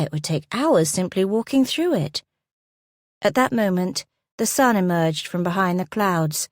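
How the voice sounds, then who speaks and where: A woman narrating a historical romance audiobook in a measured, descriptive way, close to a studio mic. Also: fairly low pitch, no echo. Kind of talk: scripted narration.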